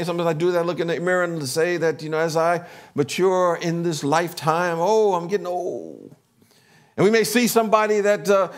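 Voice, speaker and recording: A middle-aged man preaching a sermon in an earnest way, building up energy as he leads affirmations. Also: sits high. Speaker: pastor.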